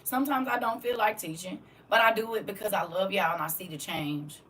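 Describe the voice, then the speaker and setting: Woman, online Bible teacher, casual livestream talk, emphatic and repetitive, bright tone, a little distant from the phone mic. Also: medium pitch, brisk, slightly rough. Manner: emphatic, repetitive, keeps asking "you hear me?". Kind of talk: casual livestream chat, reading viewer comments.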